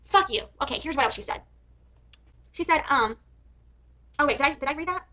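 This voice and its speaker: A woman's voice: high voice, fairly quick, bright, forceful tone, low-quality recording. A woman streamer giving heated reaction commentary, often swearing and ranting angrily. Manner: heated, swearing, angry rants.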